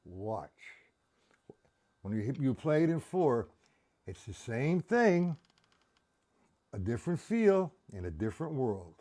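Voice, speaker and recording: A man's voice: mid-range voice, sing-song, slow, long pauses, warm tone. A man teaching a live-streamed drum lesson, counting beats aloud and checking in with viewers.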